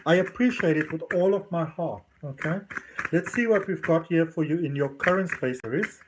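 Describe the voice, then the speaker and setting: A man's voice: a little high, lively intonation, normal speed, background noise. A man giving a chatty, affectionate tarot reading at home. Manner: effusive and affectionate, chatty with many "you know"s. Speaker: tarot reader. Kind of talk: casual tarot reading to camera.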